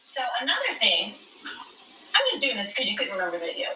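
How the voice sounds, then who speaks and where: A woman's voice: mid-range voice, wildly swooping pitch, fast talker, bright, forceful tone, slight background noise. Probing woman host, far and echoey. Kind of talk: reunion interview questions.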